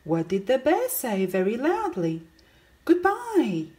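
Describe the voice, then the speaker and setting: Animated woman reading a picture book aloud. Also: mid-range voice, takes it slowly. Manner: asks young listeners questions and leans into the characters' calls. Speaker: storybook reader.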